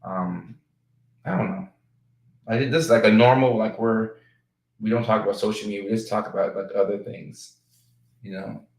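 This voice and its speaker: A man chatting casually as a talk show guest, playful and joking at times, halting and hesitant at others. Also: fairly low pitch, vocal fry, darkish tone, echoey room, rough recording. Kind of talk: casual chat.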